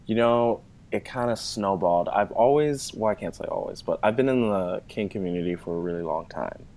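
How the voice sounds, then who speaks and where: A man's voice: fairly low pitch, fairly quick, a little mellow. A man talking at length as an interview guest, with a casual, explanatory manner full of "you know" fillers.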